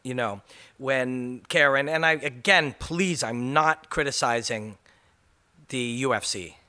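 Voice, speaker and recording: A man's voice: medium pitch, slow pace, sharp tone, smooth. A man hosting a ranting MMA commentary video, passionate and emphatic, swearing for punch.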